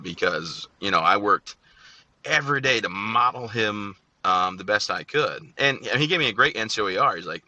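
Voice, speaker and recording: A man's voice: on the low side, bright, forceful tone, dull audio. A man in his thirties, an Army veteran guest, telling blunt and joking stories in a casual interview. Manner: joking, blunt, fast-talking storyteller.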